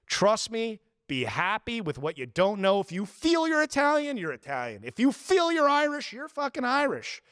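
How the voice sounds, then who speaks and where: Animated high-voiced young man ranting. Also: normal speed, hardly any pauses, clean tone, no room sound, studio quality. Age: 20s. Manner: profane, animated storytelling with put-on quotes. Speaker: podcast host. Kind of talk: casual podcast rant.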